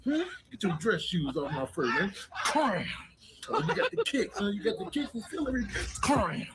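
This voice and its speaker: A cocky male ram boasts and taunts in loud street banter, as a man voices him in a comedy voiceover. The voice sits high for a man and swings widely up and down. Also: heavy background noise. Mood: irritated. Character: brash trash-talking male ram, street slang.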